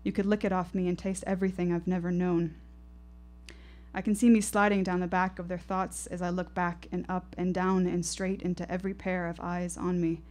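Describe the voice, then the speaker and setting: Woman storyteller, lowish voice, intense and rhythmic, live stage telling. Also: flat delivery, fairly quick, a little mellow. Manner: intense, poetic, rhythmic delivery. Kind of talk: live first-person storytelling performance.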